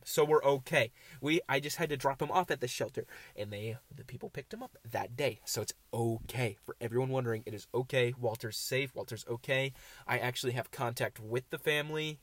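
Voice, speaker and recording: A young man in his twenties rambles through a solo podcast from his parked car, sliding between glum confessions and jokey self-mockery. His voice sits at an ordinary middle pitch and sounds a little nasal from a coming cold. The sound is dry and close, with no room echo. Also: fairly bright tone. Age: 20s. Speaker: podcast host. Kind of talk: casual solo podcast chat.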